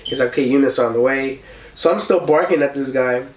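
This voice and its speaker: In an echoey room, far from the mic, a young man with a mid-range voice talks briskly. He's hosting a casual podcast, telling a story in an animated way, imitating the people involved and filling it with likes and ums.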